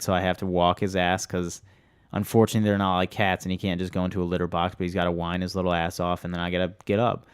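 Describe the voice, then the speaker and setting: Man, podcast co-host, casual joking chat, swears freely, slightly low voice, dry sound. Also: clean tone, dry recording. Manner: joking, loose storytelling with swearing.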